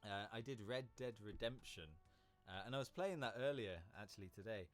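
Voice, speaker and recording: A man's voice: on the low side, fairly quick. A man chatting casually while live-streaming a game, rambling and laughing easily. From Britain.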